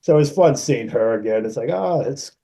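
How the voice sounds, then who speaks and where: A man in his sixties from Massachusetts, a guest actor telling animated anecdotes and acting out the people in them. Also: quick pace, low-quality recording. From Massachusetts, USA. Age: 60s. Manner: animated anecdotes, raises pitch to act out quoted people. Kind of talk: casual storytelling.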